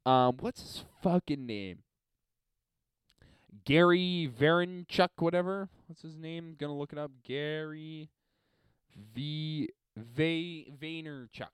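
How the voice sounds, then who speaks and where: A young man from Montreal hosting a podcast alone, ranting and swearing, swinging between loud and quiet. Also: fairly high pitch, slow pace, clean tone, dry recording. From Montreal, Canada. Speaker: podcast host. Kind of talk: solo podcast rant.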